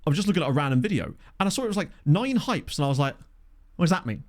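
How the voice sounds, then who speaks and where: A man's voice: a little high, sing-song, rapid-fire. A man casually commentating his football management game on stream, chatting with viewers and laughing often. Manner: chatty, reads chat aloud, laughs often.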